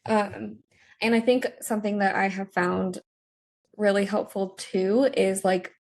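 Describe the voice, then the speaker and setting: A woman's voice: medium pitch, little pitch movement, vocal fry. A woman co-hosting a podcast, chatting casually and affirming her partner often. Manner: supportive listener, quick affirmations. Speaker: podcast co-host. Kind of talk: casual chat.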